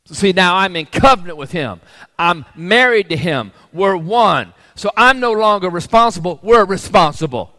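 A man's voice: high-pitched, lively intonation, normal speed, few pauses, sharp tone, long reverb tail. A male pastor preaching a sermon, pressing the congregation with rhetorical questions.

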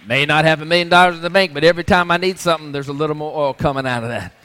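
A man's voice: a little high, very fast, pushed and bright, clean tone, long reverb tail. A male pastor preaching a sermon, pressing the congregation with rhetorical questions.

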